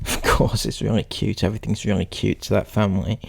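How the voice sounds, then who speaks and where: A man's voice: on the low side, flat delivery, fairly quick, vocal fry, few pauses, breathy edge. A young man giving sarcastic, mocking commentary as he reacts to a social media post. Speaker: commentary YouTuber.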